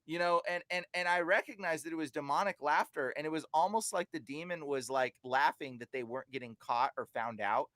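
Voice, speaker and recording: Brief: male podcast guest, high voice, dry sound, animated storyteller who acts out voices. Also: a little fast, few pauses, no room sound. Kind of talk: casual storytelling.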